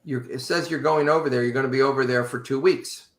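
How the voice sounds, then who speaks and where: A man's voice: medium pitch, steady tone, fast, close to an everyday voice. A man quoting a firm, polite female airline desk agent while telling a story, barely changing his voice. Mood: insistent. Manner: firm, insistent. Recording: roomy echo.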